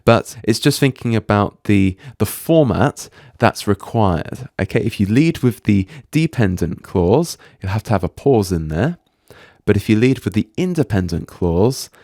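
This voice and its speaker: A man with a fairly low voice gives a recorded lecture over slides, taking his time and reading each example sentence out slowly and with care. The sound is dry and close, with no room around it. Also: vocal fry, darkish tone, no room sound. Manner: patient, explains slowly, reads examples aloud deliberately. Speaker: teacher.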